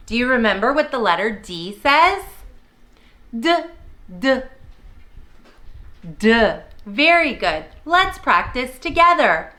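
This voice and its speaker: A woman's voice: fairly high pitch, pushed and bright. A young woman teaching preschoolers, prompting little kids in a cheerful sing-song way. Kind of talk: children's lesson video.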